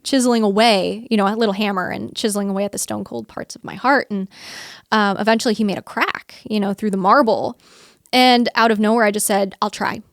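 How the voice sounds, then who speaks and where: A woman's voice: mid-range voice, steady tone, fairly quick, dry recording, clean studio sound. A young woman as an interview guest, telling a personal story in an earnest, chatty way, often quoting her own thoughts and laughing.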